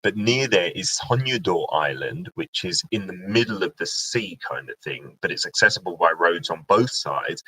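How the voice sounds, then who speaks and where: Low, bright-voiced British man chatting. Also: husky, no room sound, poor audio. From Britain. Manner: chatty, reads viewer comments aloud, talks to himself in asides. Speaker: live-stream host and radio presenter. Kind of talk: casual live-stream Q&A chat. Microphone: laptop webcam mic.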